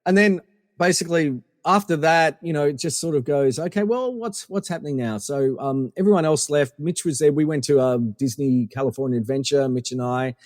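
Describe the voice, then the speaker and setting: A middle-aged man from Australia, a podcast guest telling animated anecdotes with lots of fillers and restarts. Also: fairly high pitch, a little fast, dry recording, studio quality, big-room sound. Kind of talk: casual storytelling interview.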